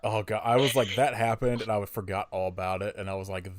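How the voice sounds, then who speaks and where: A man's voice: lowish voice, little pitch movement, a little fast, few pauses, no room sound. A man co-hosting a podcast, chiming in with wry, enthusiastic asides about a movie. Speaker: podcast co-host. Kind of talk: casual movie chat.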